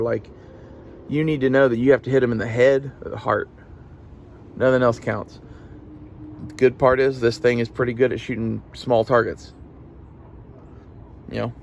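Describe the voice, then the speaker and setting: A man with a gravelly, middle-low voice talks off the cuff for his vlog audience, loose and profane. His speech wanders, full of fillers and restarts. There is faint ambient hum in the background. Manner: casual, profane, rambling with fillers. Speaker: gun channel vlogger. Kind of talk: casual rambling gear talk.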